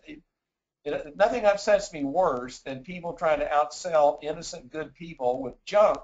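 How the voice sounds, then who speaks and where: A man's voice: a little high, muffled recording. A man giving a sales presentation in a webinar, stammering and repeating words as he gets wound up telling stories.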